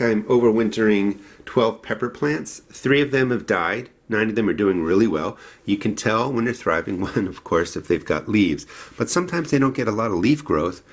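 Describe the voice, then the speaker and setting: Chatty New Jersey gardener, lowish voice. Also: male voice. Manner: chatty, rambling, laughs at himself. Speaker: gardening channel host. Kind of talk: casual walk-and-talk gardening vlog. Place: indoor grow room then outdoors in cold garden.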